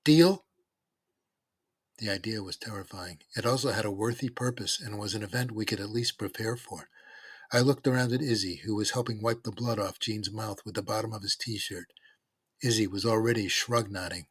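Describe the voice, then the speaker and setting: A man narrating a novel in the first person, in a steady, even storytelling manner. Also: on the low side, fairly quick, slightly rough, no echo.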